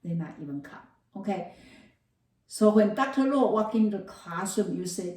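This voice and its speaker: A woman professor with a mid-range, darkish voice lectures a class at normal speed, recorded with a distant mic in a roomy space. She explains terms through everyday examples, repeats key terms, and asks her students whether it makes sense.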